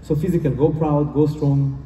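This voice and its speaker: Fairly even in intonation and at a normal speed, a man with a fairly high, dark voice gives a motivational talk in a conference hall. The sound is lo-fi with a little hiss or hum, and captured from a distance in the roomy space. His delivery is earnest and repetitive, with non-native phrasing.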